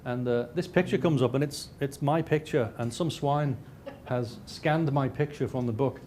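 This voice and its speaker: A man of middle pitch lectures over slides, stumbling and restarting often. He drops in dry, self-mocking jokes, and a faint hiss runs underneath. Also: moderate pace, a little mellow. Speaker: lecturer and researcher.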